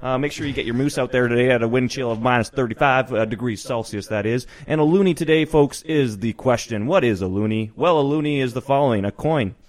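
A man's voice: medium pitch, fast, few pauses, natural voice. A man hamming up a folksy Canadian TV host. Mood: hammy.

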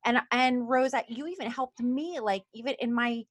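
A woman hosting a podcast, chatting with enthusiasm and growing animated when excited. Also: on the high side, moderate pace, dry recording, clean studio sound. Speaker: podcast host. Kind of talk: casual chat.

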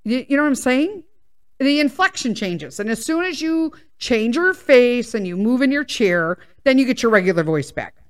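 A woman's voice: a little high, sing-song, moderate pace, smooth. A woman hosting a podcast, telling a story as a heavily profane, exasperated rant. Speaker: podcast host.

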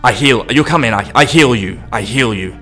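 A man's voice: medium pitch, animated, brisk, sharp tone, faint music behind, pitched above the performer's own voice. A man voicing a male village healer who speaks in short, broken, repeated commands. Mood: insistent.

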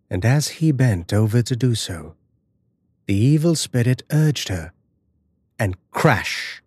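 A man giving a measured, dramatic scripted narration of a horror fairy tale. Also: mid-range voice, animated, darkish tone, slightly rough, no room sound.

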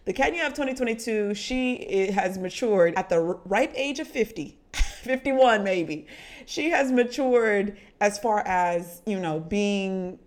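A woman's voice: mid-range voice, measured pace. Chatty woman podcast co-host. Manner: chatty, animated, says honey a lot. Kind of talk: casual reality-TV recap chat.

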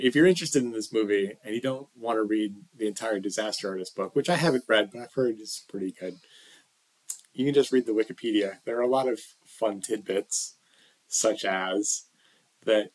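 A man chatting casually about a film, relaxed and conversational. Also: lowish voice, low-quality recording. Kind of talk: casual chat about a movie.

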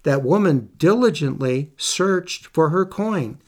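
A man's voice: fairly high pitch, expressive, slow. A man preaching a Bible lesson, reading scripture aloud and putting earnest questions to his listeners.

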